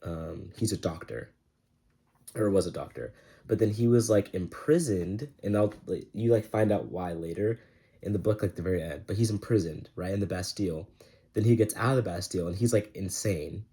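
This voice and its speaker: A young man rambles loosely through a book review, full of slang and filler words. His low voice has a soft, mellow tone, and he moves at a moderate pace, chatting easily as if among friends.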